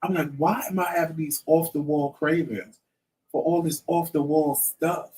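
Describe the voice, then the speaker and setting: Speaking at normal speed in a voice on the high side, a vlog host in his fifties relates a story informally and acts out others' words. The rough recording was made from a distance.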